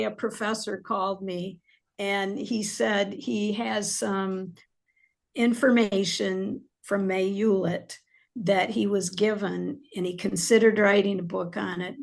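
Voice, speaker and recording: A woman's voice: medium pitch, fairly even intonation, measured pace, vocal fry. A woman author as a podcast guest, chatting casually with many fillers and getting emotional as she talks. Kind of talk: casual interview chat.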